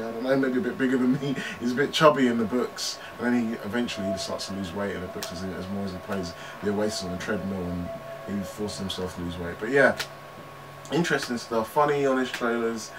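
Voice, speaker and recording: A man's voice: on the low side, quick pace. Young guy rambling about a movie, sounds far from the mic, noisy room. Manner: rambling, restarts often, laughs a lot. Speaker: reaction video host. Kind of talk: casual commentary. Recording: distant mic with background noise.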